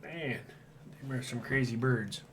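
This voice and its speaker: A man's voice: mid-range voice, a little slow. A man from Wisconsin hosting a homesteading livestream, talking in an easygoing, rambling way. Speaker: homestead channel host. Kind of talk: casual livestream chat. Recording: distant mic with faint background noise.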